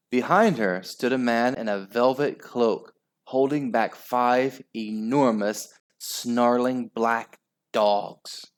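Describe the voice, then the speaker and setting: A man reads a children's storybook aloud at a slow, easy pace. His voice sits in the middle range and he shapes each line expressively for young listeners. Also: medium pitch. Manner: expressive, unhurried. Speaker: storybook reader.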